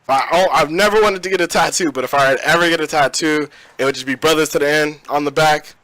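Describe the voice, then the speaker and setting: A man's voice: a little high, fast, a bit bright, no room sound, low-quality recording. A young man hosting a casual gaming podcast, telling stories in a loose, joking, slangy way. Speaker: podcast host.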